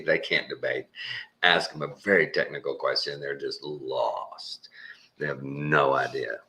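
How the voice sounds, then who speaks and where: Texan man, very deep voice with a bright, pushy edge, casual rambling host who chuckles a lot. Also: little pitch movement, a little slow. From Texas. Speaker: channel host. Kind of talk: casual monologue.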